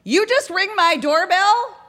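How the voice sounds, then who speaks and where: Enthusiastic window-yelling neighbor woman, loud and high, voiced by a woman narrator. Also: animated, measured pace, heavily acted. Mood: eager. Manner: loud, eager.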